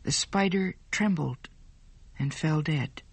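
A woman narrating a story in a slow, clear, deliberate way. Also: sits low, no echo.

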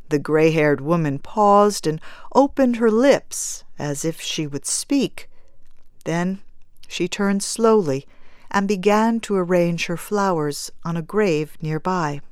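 A woman narrating a classic story in a measured, even reading style. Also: on the low side, clean tone, no echo, studio quality. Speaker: audiobook narrator.

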